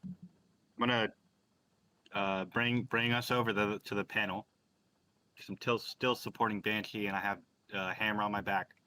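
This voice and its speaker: A man plays in a tabletop game, describing his character's moves in halting, stop-start phrases with a sarcastic edge. His voice is low-pitched but bright and forceful. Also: steady tone. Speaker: player. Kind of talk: casual tabletop play.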